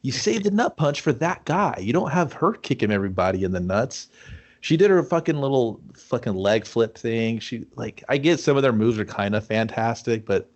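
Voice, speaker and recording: A man's voice: medium pitch, lively intonation, moderate pace. A man co-hosting a casual movie review podcast, swearing freely and acting out scenes in rambling chat. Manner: profane, rambling, acts out quotes. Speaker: podcast co-host.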